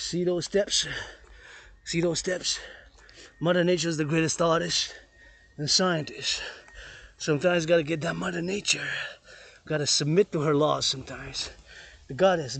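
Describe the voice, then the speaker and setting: A man with a fairly high, gravelly voice vlogs outdoors on a forested mountain trail. His monologue rambles, and he repeats words and phrases over and over.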